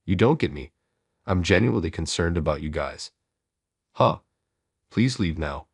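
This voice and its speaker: A man voicing a calm older woman who runs a bar, speaking in a pleading tone. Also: low-pitched, moderate pace, gravelly, breathy edge, no room sound, studio quality, exaggerated voice.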